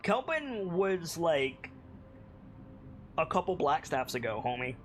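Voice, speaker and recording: A man's voice: a little high, sing-song, slow pace, a little hiss or hum. A man running a tabletop game as game master, describing scenes in a laid-back way with lots of "like"s.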